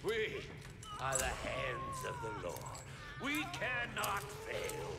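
Cast: a fanatical cult preacher, gravelly, wildly swinging pitch, echoey game audio. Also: male voice, wildly swooping pitch, slow, heavy background noise, exaggerated voice. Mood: menacing. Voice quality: gravelly, booming sermon delivery. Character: zealous preacher villain, large man.

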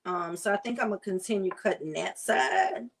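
A woman food vlogger chatting casually while she prepares and tastes seafood, savoring and drawn-out in her talk. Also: mid-range voice, creaky, husky. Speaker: cooking vlogger. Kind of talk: casual chat while cooking.

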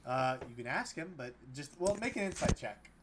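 A young man with a medium-pitched voice is game master for a tabletop game, narrating in a relaxed, halting way packed with fillers. Background noise can be heard.

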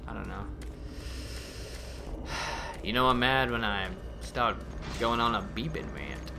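A man commentating his own gameplay in an excitable way, shouting at enemies and ranting with mock-censored beeps. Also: on the low side, takes it slowly, vocal fry, pauses often, music in the background. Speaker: let's play gamer.

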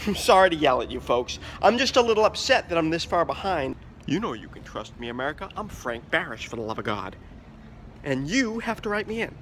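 A man's voice: a little high, very animated, fairly bright tone. Playful man on a noisy street. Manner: playful, sing-song slogans, drawn-out "oh yeah". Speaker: vlogger running a joke presidential campaign. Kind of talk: casual vlog to camera, mock campaign speech. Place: outdoors on city streets, in traffic. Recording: outdoor street noise.

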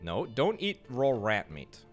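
A man's voice: mid-range voice, wildly swooping pitch, faint music behind. A man with a Scottish accent, streaming a game and joking back at viewer chat in a casual way. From Scotland. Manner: chatty, answering viewer chat with quick joking replies. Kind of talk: casual livestream chat while gaming.

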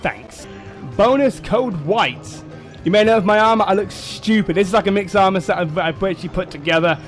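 Brief: excitable male let's-player with a high voice, faint game music underneath. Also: fast talker. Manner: excitable, shouts and laughs at the game. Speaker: gameplay commentator. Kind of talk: let's play commentary.

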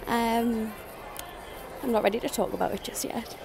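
A young woman vlogging to camera, excited and emotional, hesitant and full of fillers. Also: fairly high pitch, normal speed, gravelly, noisy background. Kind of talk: casual vlog talk to camera. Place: convention arena and outdoors nearby.

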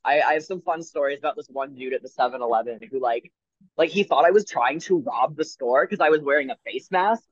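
A man's voice: a little high, a little fast, slightly rough, muffled recording. A man chatting casually as a podcast co-host, rambling through anecdotes and acting out what other people said. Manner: rambling anecdotes with acted-out quotes. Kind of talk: casual chat.

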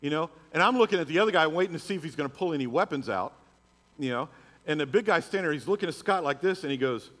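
A man's voice: on the high side, lively intonation, fast talker, fairly bright tone. Middle-aged male pastor, storytelling sermon voice, reverberant church hall. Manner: storytelling, rising to emphatic preaching. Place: church sanctuary.

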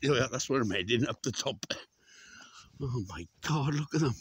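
A man's voice: mid-range voice, lively intonation, moderate pace, long pauses, breathy edge. A man walking up a hill outdoors at dawn, chatting to the camera, exclaiming and swearing at the sheep around him. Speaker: vlogger. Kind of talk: casual running commentary while walking.

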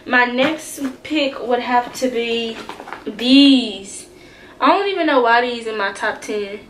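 Young female vlogger, high voice, animated and profane, in an echoey room with faint background noise. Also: slow pace. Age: young adult. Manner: slangy, animated, profane, talks straight to viewers. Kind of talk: casual shoe collection vlog. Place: bedroom with shoes behind her.

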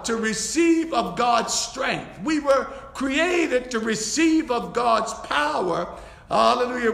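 A man's voice: very high voice, gravelly, a bit bright. A man preaching a sermon as a bishop-elect, repeating his phrases and breaking in with praise. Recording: echoey church hall.

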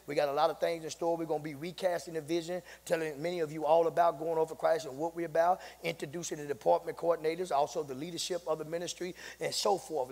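A man, the pastor, a sermon and building to shouts, saying "my God" between phrases. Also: a little high, gravelly. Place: church sanctuary. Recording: long hall reverb.

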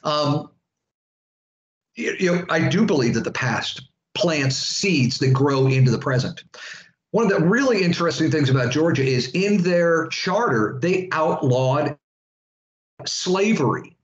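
A man's voice: on the high side, animated, measured pace. A man from Florida giving a casual, chatty history lecture to students, full of asides. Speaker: history instructor. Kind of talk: classroom lecture. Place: classroom. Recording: echoey room, dull lo-fi sound.

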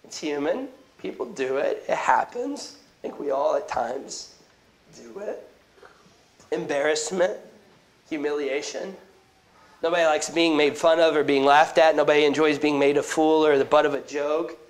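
Animated man preaching a sermon. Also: a little high, moderate pace, low-quality recording. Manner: conversational, animated preaching with frequent restarts and asides. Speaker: pastor. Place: church sanctuary.

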